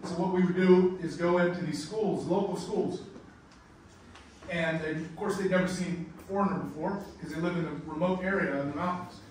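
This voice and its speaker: Animated American man lecturing in an echoey hall. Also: high-pitched, fairly quick, distant mic, a little hiss or hum. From United States. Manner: animated, storytelling, simple wording for learners. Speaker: guest lecturer and nature guide. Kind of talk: classroom lecture.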